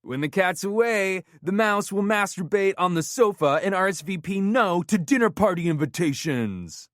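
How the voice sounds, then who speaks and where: A man doing a celebrity comedian holding court, his voice jumping well above a speaking baritone and much louder, crude and boastful. The delivery is bragging and cocky, in a dry, close recording. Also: expressive, normal speed, dry recording. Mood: joking bit. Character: brash loud male celebrity comedian.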